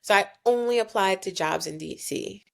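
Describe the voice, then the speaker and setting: A woman from New Jersey chatting as a podcast guest, with a gravelly, fry-tinged voice at a middle pitch. She talks in an easygoing, conversational way, dropping in plenty of "like" and "you know.". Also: moderate pace, a bit bright. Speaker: podcast guest, company founder. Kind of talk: casual interview chat.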